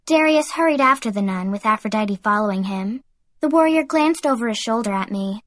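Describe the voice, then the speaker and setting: A woman narrating a young adult audiobook in the first person, in a lively teen-girl voice. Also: a little high, brisk, dry recording, clean studio sound.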